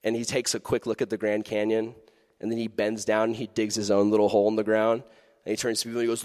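A man giving a youth sermon in a lively, animated way, acting out quoted voices. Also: on the low side, quick pace. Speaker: youth pastor. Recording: long hall reverb.

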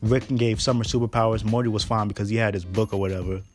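A man with a low voice recaps an episode in a loose, slangy ramble, laughing at the jokes as he goes. Faint music sits under his voice. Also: fairly even intonation, fast, a little mellow. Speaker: podcast host.

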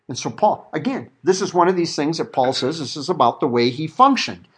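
A man's voice: sits high, big pitch swings, brisk, few pauses. Middle-aged pastor guy preaching, voice jumps all over, acts out quotes. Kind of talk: verse-by-verse sermon.

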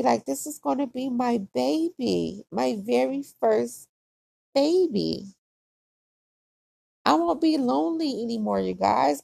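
A woman hosting a casual solo podcast, chatty and repetitive, with plenty of vocal fry. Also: a little high, a little mellow, dry recording. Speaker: podcast host.

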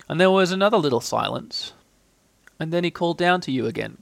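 A man reads a children's storybook aloud, gentle and unhurried, with a gravelly grain to his fairly high voice. The sound is close and dry, with no room around it. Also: lively intonation, dry recording. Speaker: reader. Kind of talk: storybook reading.

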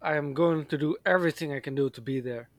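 A man's voice: on the high side, quick pace. A man from Europe in casual chat, blunt and heavy on swearing. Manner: blunt and profane.

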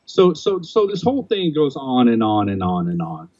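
An older man talks bluntly as a podcast host, circling back and restarting his sentences as he goes. His voice sits dark and mellow in the middle of a man's range. The recording is dry and a bit dull, like lo-fi audio. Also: medium pitch, huge pitch swings, normal speed, dry recording. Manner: blunt, rambling with many restarts. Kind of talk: casual opinionated chat.

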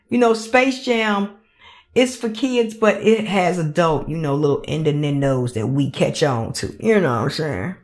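Unhurried woman podcast host. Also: mid-range voice. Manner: animated, repetitive, acts out voices. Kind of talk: casual commentary monologue.

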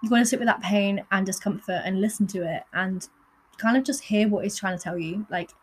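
A woman's voice: mid-range voice, brisk, slightly rough. Young woman, earnest, candid monologue, podcast host, medium voice. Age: young adult. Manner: candid and earnest, with frequent fillers like "like". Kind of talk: casual personal monologue.

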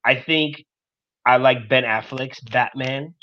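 A man gives relaxed, offhand opinions in a casual co-hosted chat. The sound is dry and a little dull. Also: medium pitch, takes it slowly, dry recording. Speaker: podcast co-host.

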